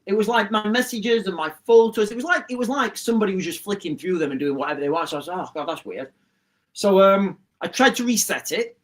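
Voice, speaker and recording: A middle-aged man, hosting a livestream and telling a rambling story to his chat with many restarts. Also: high-pitched. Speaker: livestream host. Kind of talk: casual storytelling to a live chat.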